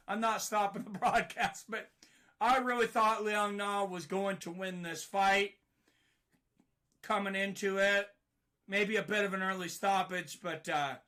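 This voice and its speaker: A man giving excited live play-by-play fight commentary, rising to shouts at big moments. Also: high-pitched, a little slow.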